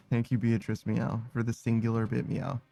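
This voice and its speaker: Man, live streamer, gravelly voice, dry close sound, tired, says meow after everything, faint music behind. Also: mid-range voice, little pitch movement, normal speed, mellow, no echo. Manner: tacks a meow onto nearly every sentence; laid-back, tired, laughs and swears often. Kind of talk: casual stream chat reading viewer messages.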